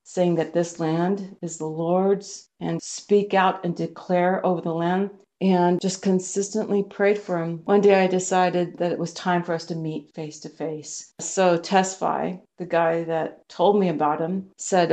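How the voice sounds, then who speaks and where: A woman with a low, gravelly voice gives an earnest personal testimony as an interview guest. She tells her story like a storyteller and acts out what others said. Her tone is dark and mellow. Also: steady tone, a little slow, few pauses. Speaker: missionary guest.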